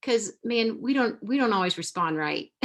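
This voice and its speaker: A woman's voice: on the high side, expressive, measured pace, a bit bright. Earnest, affirming woman on a church panel. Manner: earnest and affirming toward the co-speaker; breaks off and restarts sentences. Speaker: panel speaker at a church women's event. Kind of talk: casual panel discussion.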